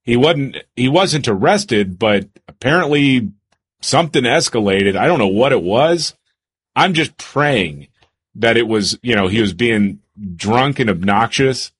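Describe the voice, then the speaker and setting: A man co-hosting a talk show, telling a story in an animated, amused way. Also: mid-range voice, unhurried, husky. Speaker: co-host. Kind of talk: casual talk show chat.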